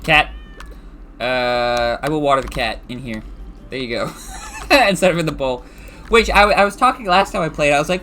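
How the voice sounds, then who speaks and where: A man's voice: medium pitch, sing-song, normal speed, pushed and bright, soft background music. A man streaming a farming game, chatting casually and musing aloud as he rambles.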